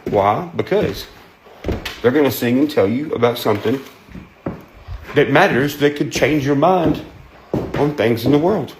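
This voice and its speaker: A man's voice: mid-range voice, a little slow, long pauses, background noise. A man with a Southern US accent, talking bluntly in a folksy, plain-spoken monologue. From American South. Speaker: host. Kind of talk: casual monologue.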